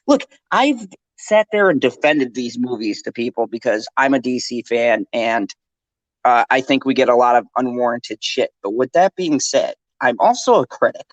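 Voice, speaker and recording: A man's voice: medium pitch, normal speed, no room sound, low-quality recording. A man co-hosting a live pop culture stream, talking casually and ranting with lots of swearing. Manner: animated, profane, ranting.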